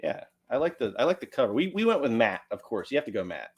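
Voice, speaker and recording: Lively American man hosting a stream. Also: medium pitch, fast, husky. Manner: lively, joking, chatty. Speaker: livestream host. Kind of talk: casual chat, reading donations.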